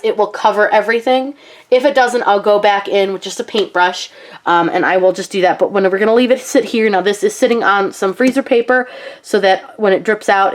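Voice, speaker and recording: A woman with a cold and a nasal voice, chatting casually through a craft tutorial with frequent ums and likes. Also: medium pitch. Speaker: craft channel host.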